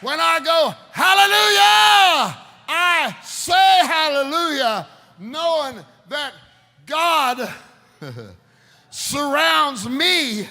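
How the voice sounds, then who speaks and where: Fervent shouting preacher in a big hall. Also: male voice, very high-pitched, lively intonation, extremely slow. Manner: fervent, bursts into shouts, talks straight to the crowd. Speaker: preacher and worship musician. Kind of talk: live sermon. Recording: long reverb in a big hall, faint ambience.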